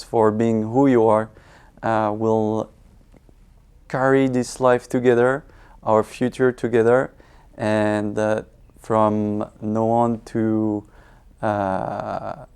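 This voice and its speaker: A man speaks his wedding vows slowly, hesitating often and filling the gaps with soft pauses. His low voice holds steady in pitch and carries a gravelly edge, yet his words come out smooth and resonant. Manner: halting, many pauses and fillers. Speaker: groom.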